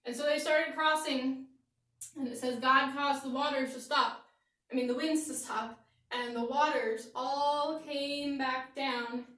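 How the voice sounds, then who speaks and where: A woman teaching children a Bible story, lively and asking them questions. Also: high voice, a little slow, distant mic. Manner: animated, asks the kids questions. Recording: roomy echo, voice from off-mic.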